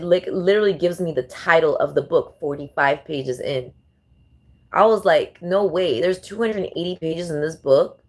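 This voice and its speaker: A woman hosting a casual vlog, rambling and thinking out loud as she fumbles through numbers. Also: on the low side. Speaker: channel host.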